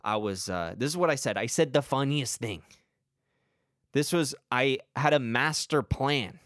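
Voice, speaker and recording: A man's voice: mid-range voice, measured pace, a bit bright, dry recording. Young male storyteller, rambling and self-mocking, comic monologue, dry mic. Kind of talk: comedic personal story.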